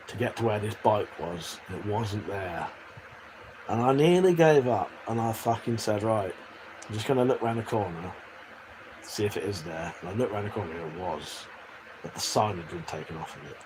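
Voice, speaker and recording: A man's voice: fairly low pitch, rough recording. An English man chatting casually and crudely on a live stream, reading out chat messages and laughing often. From England. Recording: faint background noise.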